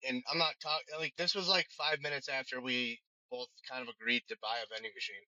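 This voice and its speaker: A man's voice: medium pitch, steady tone, fast, bright, forceful tone, no echo. A man, a firefighter who runs a vending business, telling his story in a casual interview with many restarts and fillers. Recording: dull, lo-fi sound.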